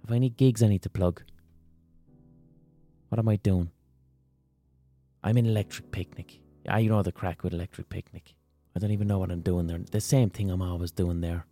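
Irish male podcaster, 30s, deep mellow tone, sweary and animated. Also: brisk, pauses often, faint music behind. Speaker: podcast host. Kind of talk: casual monologue.

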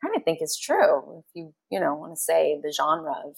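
A woman guest, an agency producer and filmmaker, talking in a lively way and laughing often on a podcast. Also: sits low, a little fast, vocal fry, slightly rough. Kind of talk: casual podcast chat.

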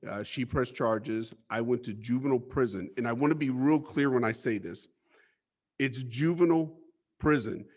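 A man as an interview guest, telling his life story bluntly, with swearing and stammered restarts. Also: mid-range voice.

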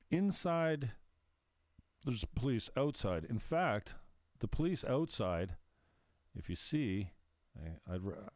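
A man's voice: sits low, darkish tone, no echo, clean studio sound. A man hosting a casual livestream where he reacts to clips. He is sarcastic and profane and laughs often. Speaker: livestream commentator.

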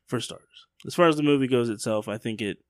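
A man co-hosting a podcast in casual chat, with dry, deadpan, brief remarks. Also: mid-range voice, fast talker, no room sound. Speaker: podcast co-host.

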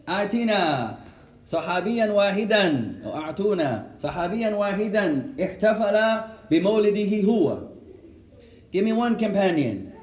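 Man, religious teacher, high voice, animated, quizzes the class, roomy echo. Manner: animated, switches between Arabic and English, asks the class questions. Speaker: Islamic teacher. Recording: echoey room.

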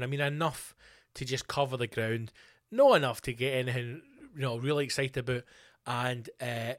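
Scottish man, podcast host, casual sweary rambling, mid-pitched voice, dry close mic. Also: no room sound. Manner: chatty, sweary and animated, prone to ranting. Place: home podcast studio.

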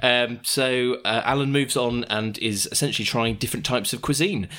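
A man co-hosting a casual podcast chat, animated and laughing often. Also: medium pitch, normal speed. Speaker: podcast co-host.

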